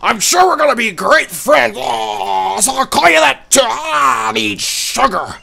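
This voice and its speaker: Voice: mid-range voice, expressive, unhurried, vocal fry, pushed and bright, husky, raised voice, voice pushed up, exaggerated voice. A man voicing a bubbly, drawling teenage girl in a video game playthrough, who calls everyone sugar. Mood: sugary, excited. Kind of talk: let's play character voice.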